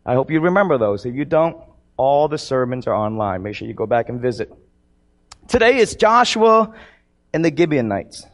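A man's voice: mid-range voice, big pitch swings, normal speed. A man preaching a sermon to his congregation in a conversational, joking way. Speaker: pastor.

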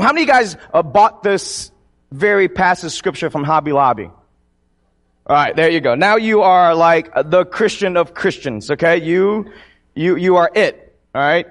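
A man preaching a sermon to his congregation in a conversational, joking way. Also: high voice. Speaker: pastor.

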